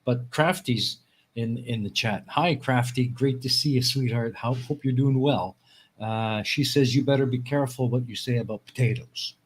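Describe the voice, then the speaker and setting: Husky-voiced male talk show host. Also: mid-range voice, normal speed. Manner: reads chat messages aloud, short affirmations. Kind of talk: casual talk show chat.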